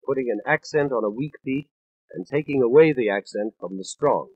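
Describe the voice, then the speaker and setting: A man's voice: medium pitch, brisk, husky, no room sound, muffled recording. A man in his thirties giving a scripted spoken lecture on music for a 1950s studio record, explaining patiently and counting out beats in rhythm. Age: 30s.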